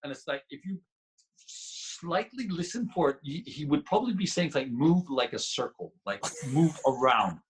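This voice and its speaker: A man's voice: fairly high pitch, moderate pace, slight background noise, poor audio. A man guest on a podcast, telling a story casually with lots of restarts and laughter. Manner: animated, laughing, many restarts.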